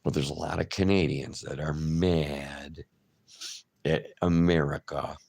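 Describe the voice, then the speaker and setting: A man's voice: very deep voice, steady tone, unhurried, vocal fry, darkish tone, slightly rough. A man hosting a casual livestream, chatting loosely and answering viewer comments by name. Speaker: livestream host.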